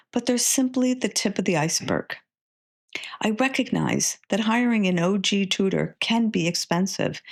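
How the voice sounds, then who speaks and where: A woman hosts a podcast lesson on reading and spelling. She breaks words into sounds slowly and deliberately, like a patient tutor. Her pitch moves up and down freely as she explains. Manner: slow, deliberate, instructive modeling of sounds. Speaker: podcast host and literacy tutor.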